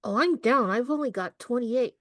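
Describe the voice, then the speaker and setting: A woman playing a tabletop role-playing game, making quick, offhand remarks. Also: a little high, lively intonation, fairly bright tone. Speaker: player. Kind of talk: casual tabletop play.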